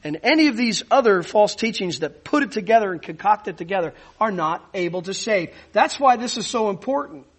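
Earnest high-voiced male preacher. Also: lively intonation, a little fast, few pauses. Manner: earnest, emphatic preaching with teaching asides. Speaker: pastor. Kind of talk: sermon.

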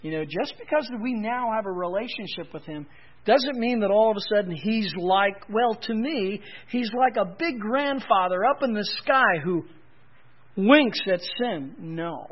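A middle-aged man preaching a sermon, animated, swinging from emphatic peaks down to low quiet points, with folksy asides and humor. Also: a little slow, muffled recording. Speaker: pastor.

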